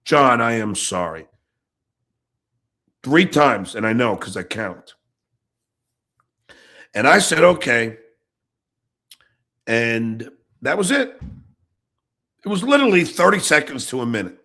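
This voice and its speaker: A middle-aged man hosting his own podcast, ranting angrily and profanely, jumping between shouts and low mutters. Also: big pitch swings, a little slow, long pauses. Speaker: podcast host. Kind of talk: angry ranting monologue.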